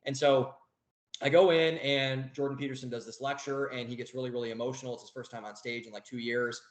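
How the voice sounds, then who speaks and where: A man's voice: mid-range voice, little pitch movement, fairly quick, echoey room, poor audio. A young man telling a story as a podcast guest, rambling, with many fillers and restarts. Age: young adult. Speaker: guest author. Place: home office.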